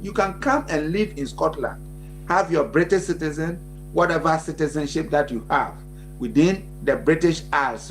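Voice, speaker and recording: A Ghanaian man with a slightly higher voice co-hosts a live chat show. He talks animatedly and laughs easily, moving between Twi and English. Faint music runs underneath. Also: a bit bright.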